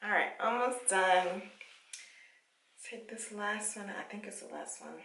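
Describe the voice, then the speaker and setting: Chatty young woman, gravelly, in an echoey room. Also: medium pitch, unhurried, fairly bright tone, distant mic, a little hiss or hum. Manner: chatty, encouraging, laughs often. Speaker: vlogger. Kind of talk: casual chat while taking out hair. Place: her parents' home, indoors.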